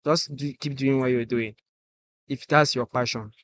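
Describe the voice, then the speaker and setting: A man's voice: mid-range voice, steady tone, moderate pace, fairly bright tone, dry recording. A Nigerian man talking as the guest musician on a casual podcast, earnest and saying "you get" again and again.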